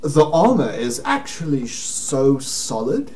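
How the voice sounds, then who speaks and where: A man running a tabletop game as dungeon master, his pitch swinging widely as he narrates. He stalls often with "um"s and breaks into laughter. A constant hiss of stream noise sits under the voice. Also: big pitch swings, a little mellow. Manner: laughing, halting narration with many "um"s. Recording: noisy home stream audio.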